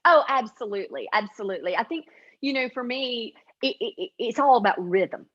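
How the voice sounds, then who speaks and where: A woman's voice: fairly high pitch, lively intonation, a little fast, a bit bright. Nasal upstate Carolina woman, dull audio. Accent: upstate South Carolina Appalachian. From upstate South Carolina. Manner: chatty, many fillers and restarts. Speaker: author and comedy creator. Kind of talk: interview answers.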